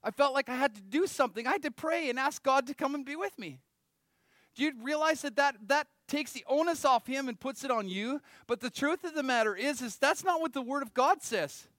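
Middle-aged male pastor, strikingly high pitch, conversational sermon delivery, dry close sound. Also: animated, a little fast, fairly bright tone, no echo. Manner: conversational preaching, rhetorical questions to the audience.

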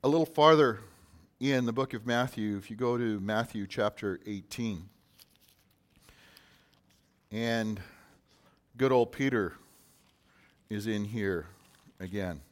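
A man preaching a sermon in a conversational way, with sudden loud emphasis on key words. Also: fairly low pitch, slow, pauses often. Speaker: pastor.

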